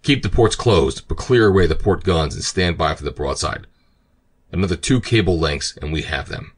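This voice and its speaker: A man's voice: low voice, lively intonation, normal speed, husky. A man voicing a cruel, cunning pirate captain in an audiobook, barking harsh commands. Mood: commanding. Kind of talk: audiobook character reading.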